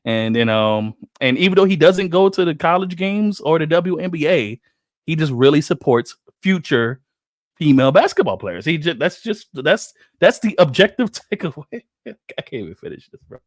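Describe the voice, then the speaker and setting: A man's voice: fairly high pitch, normal speed, no room sound, studio quality. A man hosting a casual podcast, telling stories and acting out other people's quotes in a joking, profane way. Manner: animated storyteller who acts out other people's quotes. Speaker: podcast host.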